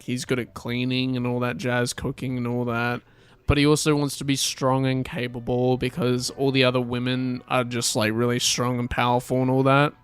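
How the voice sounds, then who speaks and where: Smooth-voiced man in relaxed chat. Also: medium pitch. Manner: relaxed, rambling, swears casually. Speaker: podcast co-host. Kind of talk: casual chat.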